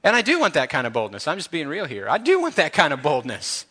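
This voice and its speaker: A man's voice: fairly high pitch, huge pitch swings, brisk, bright, forceful tone, husky. Impassioned man preaching a sermon. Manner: earnest, impassioned, talks straight to the congregation. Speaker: church elder preaching.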